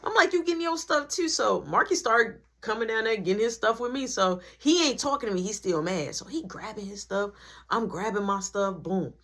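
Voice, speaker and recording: A man's voice: sits high, normal speed. A man telling a family story storytime-style, acting out every voice. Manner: animated, acts out every voice. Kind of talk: storytime vlog.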